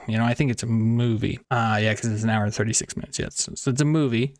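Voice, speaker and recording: A man's voice: medium pitch, fast, few pauses, dry recording, studio quality. A man co-hosting a casual podcast about movies, chatty and laughing often. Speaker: podcast co-host. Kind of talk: casual chat.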